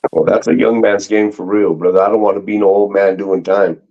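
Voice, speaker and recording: Brief: low-pitched middle-aged man, slangy rambling storyteller, muffled lo-fi audio. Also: fairly even intonation, a little fast, creaky, a little hiss or hum. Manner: slangy, rambling, frequent restarts. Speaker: guest. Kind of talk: casual storytelling chat.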